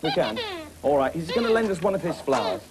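A man hosting a children's puppet show, playing a brisk, jovial teacher who scolds his puppets. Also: a little high, big pitch swings, crowd noise.

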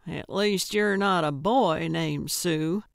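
A woman's voice: on the low side, takes it slowly, gravelly, dry recording, clean studio sound. A woman narrator voicing a feisty, blunt older woman amateur sleuth who snaps back grumpily. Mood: cranky, blunt. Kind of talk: audiobook character voice.

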